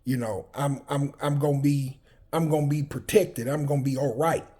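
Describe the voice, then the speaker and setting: A man tells his own stories in a loose, casual way. He talks in a flamboyant, animated manner and curses freely. His voice sits at an ordinary middle pitch. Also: moderate pace. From Arkansas. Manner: animated, flamboyant, profane, laughs while telling. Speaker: vlogger. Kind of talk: casual personal storytelling.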